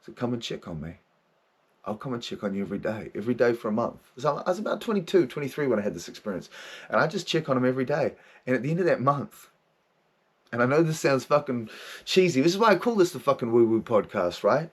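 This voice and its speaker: A man's voice: medium pitch, big pitch swings, quick pace, slightly rough. A man in his thirties, a podcast host and therapist, talking candidly in a casual monologue, swearing often and laughing as he goes.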